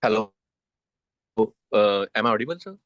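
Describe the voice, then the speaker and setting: A man's voice: lowish voice, expressive, normal speed, a bit bright, dry recording. A man calling in as an investor, asking a question politely and respectfully. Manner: polite, deferential, saying sir. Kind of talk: call question.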